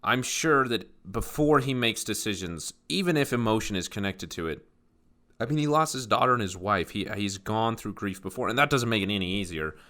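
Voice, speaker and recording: A man's voice: on the low side, expressive, sharp tone. A young man co-hosting a podcast, chatting casually and analytically about a movie, with a lot of "like". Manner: analytical, fills pauses with "like". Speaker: podcast co-host.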